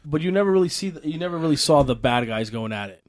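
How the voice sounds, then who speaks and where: A man co-hosting a casual chat, eager and agreeable, quick to check facts. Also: a little high, expressive, a little mellow. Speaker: podcast co-host.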